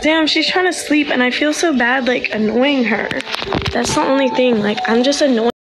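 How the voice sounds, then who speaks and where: A woman talks casually to her viewers, and her voice sits a little high. She chats and coos at her pregnant dog as she keeps checking its temperature. The phone recording is echoey, with loud background noise throughout. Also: moderate pace. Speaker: livestreamer. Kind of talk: casual livestream chat.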